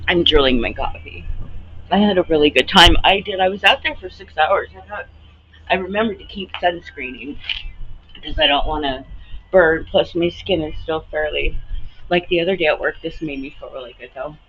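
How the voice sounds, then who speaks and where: A woman in her late fifties venting to her camera in a casual, animated rant, swearing and laughing often. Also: on the low side, normal speed. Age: 50s. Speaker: vlogger. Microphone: camera mic. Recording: slightly muffled with faint background hiss.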